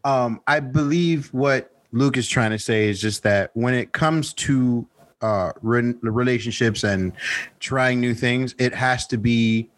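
A man's voice: medium pitch, slow pace, no echo. A man co-hosting a casual chat, pushy and coaxing, often cutting in on the others. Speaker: podcast co-host.

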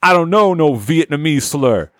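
A man doing a brash, loud 1970s film tough guy who blusters and yells in a voice pushed well above his own. The delivery is fast and punchy, and the sound is dry, up close to the mic. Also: a little high, lively intonation, dry recording, voice pushed up, lightly acted. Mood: indignant.

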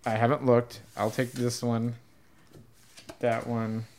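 A man's voice: mid-range voice, level tone, slow pace, a little mellow, slight background noise. A young man hosting a casual chat, rambling and self-deprecating, laughing often.

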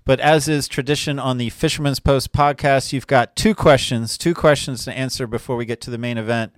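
A man with a medium-pitched voice hosts a casual podcast, joking and keeping the chat moving. His voice sounds close and dry, with no room echo. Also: fairly even intonation, brisk, clean tone. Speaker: podcast host.

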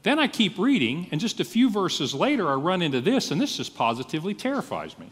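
Pastor guy preaching, voice bounces all over the place, bit high, long reverb in a big hall. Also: fairly quick, breathy edge. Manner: animated storytelling, acting out his own thoughts. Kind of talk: sermon.

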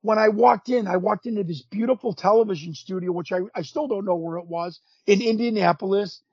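A man in his fifties, a podcast guest, telling stories in an animated way, acting out quotes and often restarting his sentences. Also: high-pitched, fairly quick, husky, no echo. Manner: animated storyteller, acts out quotes, frequent restarts. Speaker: podcast guest, former pro wrestler. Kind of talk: casual storytelling interview. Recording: dull lo-fi sound.

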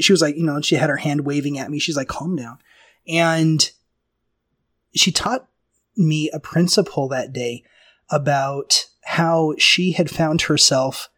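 A man with a fairly high voice tells a story in a casual talk, animated and quick to restart his sentences. He often breaks into small laughs as he goes. The sound is dry and close, with no room echo. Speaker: podcast host.

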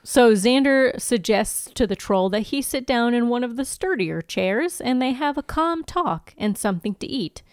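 Woman podcaster retelling tv episodes, giggly and playful, smooth clear voice, dry close mic. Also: fairly high pitch, animated, moderate pace, hardly any pauses, dry recording. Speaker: podcast co-host. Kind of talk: casual chat recapping TV episodes.

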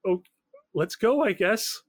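A man voicing a frightened young man who speaks in halting, hesitant bits. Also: high-pitched, expressive, no echo, voice pushed up, full character voice. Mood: nervous.

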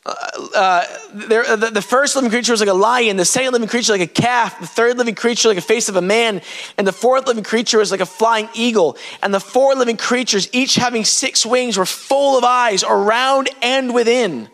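Man, impassioned sermon, very high voice, bright and forceful, sudden shouts. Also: a little fast. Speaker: pastor.

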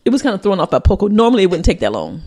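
A woman's voice: mid-range voice, very animated, very fast, darkish tone, slightly rough. A woman co-hosting a laid-back podcast, talking in a chatty, rambling way. She repeats herself and keeps steering back to her point. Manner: chatty, repeats herself, says "anyway" a lot. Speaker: podcast co-host. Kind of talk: casual podcast chat.

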